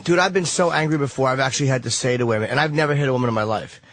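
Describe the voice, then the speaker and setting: A podcast host commenting bluntly and thoughtfully in casual chat. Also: male voice, mid-range voice, very fast, a bit bright.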